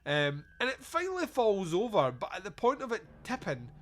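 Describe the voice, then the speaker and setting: A man's voice: sits high, huge pitch swings, normal speed, fairly bright tone. Sweary, joking man reviewing a film. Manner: sweary, jokey, quotes scenes in put-on voices. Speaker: podcast host. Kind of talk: casual film review chat.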